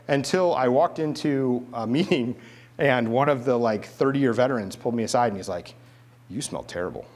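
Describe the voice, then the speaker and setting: A middle-aged man delivers a sermon in a husky, slightly breathy voice. He tells stories with jokes, then builds quiet, emphatic lists to drive the point home. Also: medium pitch. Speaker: preacher. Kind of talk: sermon with personal story.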